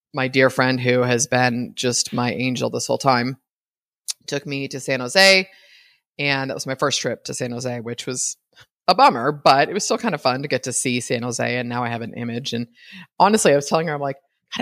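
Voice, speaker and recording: Chatty woman podcaster with gravelly voice. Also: rumbling low, lively intonation, normal speed, a bit bright, no echo, clean studio sound. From United States. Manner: chatty, rambling, retells dialogue. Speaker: podcast host. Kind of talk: casual storytelling monologue.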